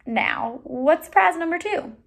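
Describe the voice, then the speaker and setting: A woman reading aloud, voicing a wise, kindly old woman who speaks slowly. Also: extremely high pitch, expressive, creaky, voice pushed up, exaggerated voice.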